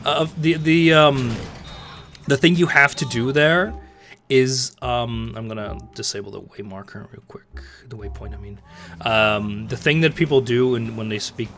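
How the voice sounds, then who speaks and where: A young Dutchman streams a game and rambles casually, chatting with many fillers and restarts. His mid-range voice is unhurried and a bit bright, with faint music and game ambience in the background.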